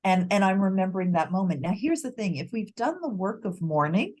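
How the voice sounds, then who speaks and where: A grief educator co-hosting a heartfelt, reflective conversation tells a personal story earnestly, often restarting her sentences. Her mid-range voice is animated and darkish in tone, brisk with few pauses.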